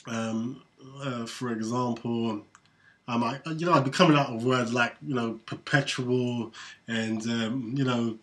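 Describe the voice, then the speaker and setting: A man, a guest in a casual chat, talking in a relaxed way with frequent laughs and fillers. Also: medium pitch, a little slow. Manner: relaxed, laughing, lots of "you know". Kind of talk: casual discussion.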